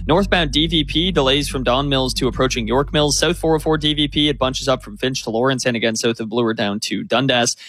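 A man's voice: medium pitch, a bit bright, no echo. Male radio traffic reporter, dry sound. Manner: brisk running list with small fillers. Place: radio studio. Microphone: studio microphone.

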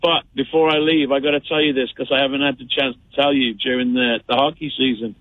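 A man's voice: medium pitch, little pitch movement, brisk, no room sound. A man in his fifties from the United Kingdom, calling in to a radio show and rambling chattily with lots of fillers over a phone line. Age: 50s. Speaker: caller. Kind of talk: phone call-in chat.

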